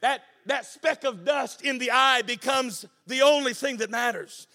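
A man preaching a sermon as pastor, impassioned, rising to shouts and a sing-song cadence. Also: extremely high pitch, a little slow, gravelly.

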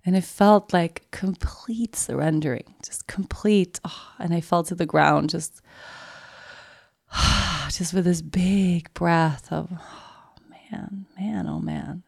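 A woman hosting a podcast, telling a personal story in a low, gravelly voice that often sinks to a whisper. She sounds intimate and confessional and comes back to the same phrases again and again. The sound is dry and close, with no room around it. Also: takes it slowly, no room sound. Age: adult with a daughter. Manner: emotional, confessional, repeats phrases. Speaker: podcast host.

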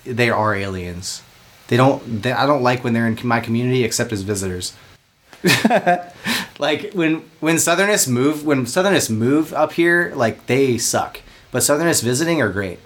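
A man with a Southern American accent, co-hosting a casual podcast chat, animated, laughing often and swearing freely. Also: mid-range voice, moderate pace. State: high. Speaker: podcast co-host.

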